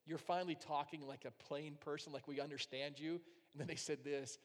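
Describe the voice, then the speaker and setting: A man preaching a sermon, telling a personal story and swinging between loud, emphatic passages and hushed, quiet ones. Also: a little high, fairly even intonation, fairly quick, few pauses. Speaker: pastor. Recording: long hall reverb.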